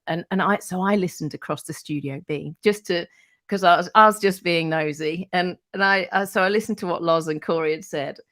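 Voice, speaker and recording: A woman's voice: low voice, a bit bright, no echo. Chatty woman telling stories. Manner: chatty, rambling, swears casually, many fillers. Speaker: radio presenter and guest. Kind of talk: casual anecdotal chat.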